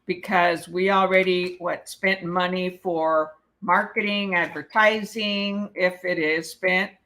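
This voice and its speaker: Woman teaching exam prep, lowish voice. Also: fairly even intonation, takes it slowly, sharp tone. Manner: reads questions aloud then explains, checking in with "okay?" and "right?". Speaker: real estate exam prep instructor. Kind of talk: live-streamed exam prep lesson.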